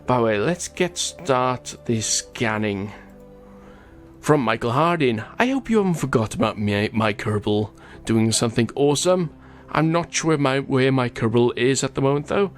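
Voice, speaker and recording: A man's voice: medium pitch, lively intonation, moderate pace, faint music behind. Chatty man reading viewer comments. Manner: chatty, stumbles over names, laughs often. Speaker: gaming channel host.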